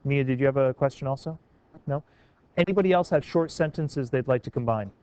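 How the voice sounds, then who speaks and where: A man's voice: mid-range voice, a little fast, a little mellow, smooth, lo-fi sound. A man teaching a class, calling on students by name and coaxing them to try sentence revisions. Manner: encouraging, questioning students by name.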